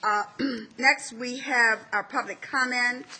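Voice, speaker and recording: A woman chairing a public board meeting, formal and slow with frequent fillers. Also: a little high, steady tone, pushed and bright.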